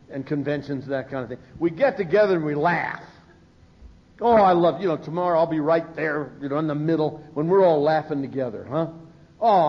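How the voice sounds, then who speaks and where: An older man at a recovery meeting, telling funny stories and acting out the voices of the people he quotes. His voice sits a little high for a man. The live recording sounds muffled and lo-fi. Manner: humorous, animated, acts out quoted voices. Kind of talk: storytelling talk from a podium.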